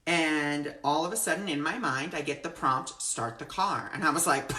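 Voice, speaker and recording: A woman with a low voice leads a live-streamed spiritual talk in an earnest, expressive way. She speaks to her viewers directly and greets them as their comments come in. Her voice rings in a roomy echo. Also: normal speed. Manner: earnest and expressive, acts out her own panic. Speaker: spiritual teacher hosting a live discussion.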